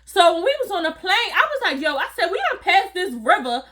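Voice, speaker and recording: A woman telling a casual, animated storytime to her viewers, acting out voices and laughing along. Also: extremely high pitch, a little fast. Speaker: storytime vlogger.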